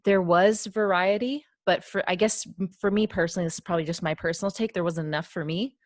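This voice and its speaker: A woman's voice: lowish voice, steady tone, fast talker, no echo, clean studio sound. A young woman from Canada co-hosting a casual album review, talking in a rambling way with many fillers. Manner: rambling, hesitant, filler-heavy. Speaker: co-host.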